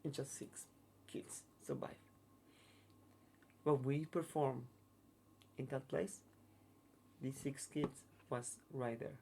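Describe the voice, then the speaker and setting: A man recounts his experiences to an interviewer. His English is halting and broken, full of fillers and restarts. His voice sits at a middling pitch. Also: fairly even intonation, creaky, dark tone, a little hiss or hum. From Mexico. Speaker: guest, circus artist. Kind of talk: casual storytelling interview.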